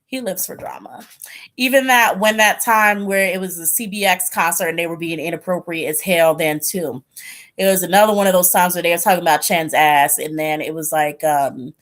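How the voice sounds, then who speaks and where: A woman's voice: lowish voice, fairly quick. Chatty woman gossiping to camera. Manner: animated gossipy storytelling with slang asides. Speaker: tarot reader and channel host. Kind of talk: casual chat to camera.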